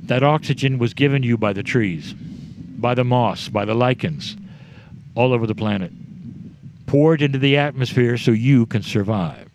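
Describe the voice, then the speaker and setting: A man giving a spiritual talk to a group, slow and deliberate, letting his voice drop low at the ends of phrases. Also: darkish tone, a little hiss or hum. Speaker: spiritual speaker.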